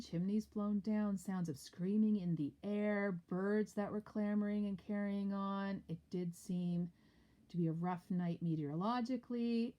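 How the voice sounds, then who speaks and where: A woman's voice: lowish voice, muffled recording. A woman teacher explaining a play in a lecture, with chatty, explanatory asides. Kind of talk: lecture with read-aloud play.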